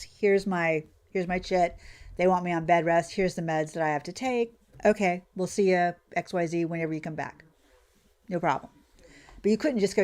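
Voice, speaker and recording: A woman streamer ranting in casual chat while playing a farming game, often losing her train of thought. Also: darkish tone. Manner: ranting, loses her train of thought, mimics others in a higher voice. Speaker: gaming streamer.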